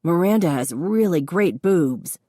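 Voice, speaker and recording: A woman's voice: fairly low pitch, expressive, measured pace, warm tone, no echo, studio quality. A woman narrator voicing an eager, literal-minded young man with a childlike, earnest manner in an audiobook.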